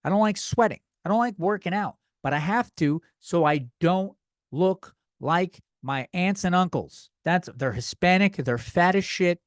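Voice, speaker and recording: A young man hosting a comedy podcast, ranting in a profane, worked-up way and getting loud at times. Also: high-pitched, expressive, measured pace, dry recording, clean studio sound. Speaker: podcast host. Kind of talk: comedic rant.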